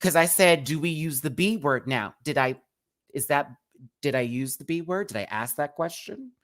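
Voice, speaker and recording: A man's voice: a little high, lively intonation, moderate pace, a bit bright. Sassy man scolding a critic. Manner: sassy and cutting, drawls pet names like sweetie and baby. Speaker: review show host. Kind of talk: live confrontational rant to a critic.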